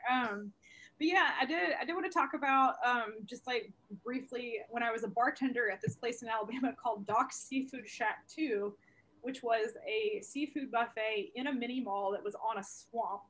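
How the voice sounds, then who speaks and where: A young woman, a comedian guest on a video call, telling stories in a lively, profane, laughing way. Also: on the high side, brisk. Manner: animated, profane, laughing storyteller. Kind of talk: casual storytelling interview.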